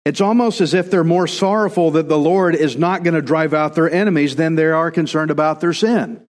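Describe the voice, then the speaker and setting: Man, pastor, casual sermon, fairly high-pitched voice, long hall reverb. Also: fairly quick. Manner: conversational preaching, acts out quoted voices.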